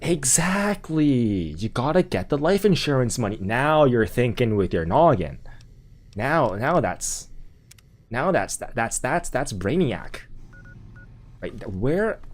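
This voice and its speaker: A man chats his way through a game stream, riffing on odd jokes and restarting his sentences often. His voice sits at a middle pitch, neither deep nor high. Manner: rambling, joking, stammering restarts. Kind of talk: casual gaming stream chat.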